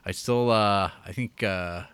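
A man's voice: fairly low pitch, measured pace, a bit bright, smooth, dry recording. A man co-hosting a podcast in casual chat, laid-back and hesitant with a dismissive edge. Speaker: podcast co-host.

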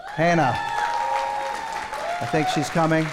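A man's voice: on the high side, slow, over a noisy crowd, very noisy. A man preaching a sermon as pastor, telling stories with humor and acting out children's voices.

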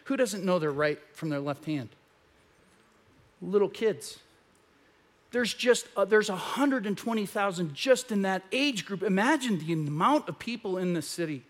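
A man preaching a conversational sermon as pastor in a church, telling a story with animated retellings. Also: high-pitched, a little slow. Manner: animated storytelling, acts out quoted voices.

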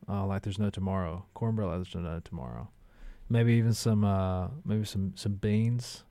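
A man's voice: sits low, moderate pace, warm tone, no room sound. A man, a chef and restaurant owner, chatting casually as a guest in rambling, laid-back stories. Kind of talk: casual conversation.

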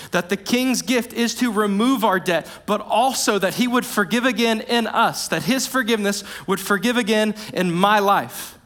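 A young man preaching a sermon with earnest repetition, sometimes dropping to a hushed, low voice to stress a point.

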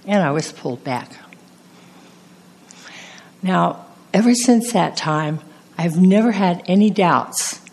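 A woman pastor preaching a sermon, telling a personal testimony in a slow, earnest way. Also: on the low side, a little mellow.

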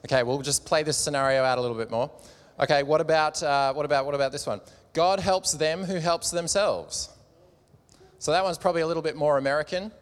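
A man's voice: on the high side, steady tone, very fast. A man gives a sermon to a live audience in a conversational, joking way, as if chatting with friends. He has a slight cough. His voice carries through a large hall with a long reverb. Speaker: preacher at a church gathering.

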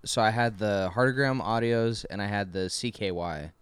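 A man's voice: lowish voice, normal speed, smooth, no echo. A man in his twenties, a podcast co-host, talking in a laid-back, dry way. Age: 20s. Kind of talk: casual chat.

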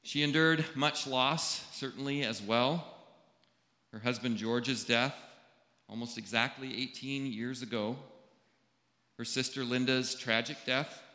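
A man, a pastor, giving a funeral sermon in a slow, deliberate delivery with long pauses. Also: mid-range voice, steady tone, sharp tone. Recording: echoey hall with long reverb.

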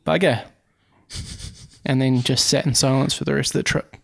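A man co-hosting a podcast, telling a story in an animated, self-deprecating way. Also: medium pitch, fast, creaky. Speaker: podcast co-host. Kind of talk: casual storytelling.

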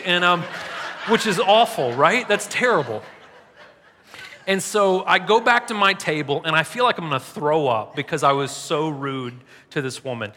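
A man delivers a casual, self-deprecating sermon from the pulpit. His voice sits a bit high and sounds bright and forceful. It rings out with a long reverb through a large church hall. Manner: conversational, self-deprecating, frequent tag questions. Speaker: pastor.

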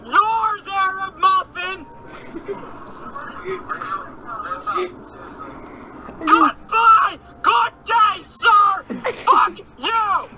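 A man raging and swearing as he yells in a car, caught on a phone recording. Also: extremely high pitch, drawn-out words. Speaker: podcast co-host in a phone clip. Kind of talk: furious shouting rant in a car. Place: inside a moving car. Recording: loud road noise, phone recording.

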